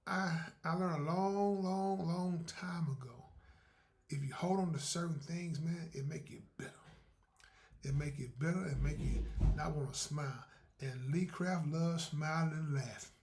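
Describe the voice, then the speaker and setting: A man's voice: fairly high pitch, a little slow, darkish tone. A man hosting his own podcast, talking casually in a folksy way, repeating words and acting out little dialogues. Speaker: podcast host. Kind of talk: casual solo monologue.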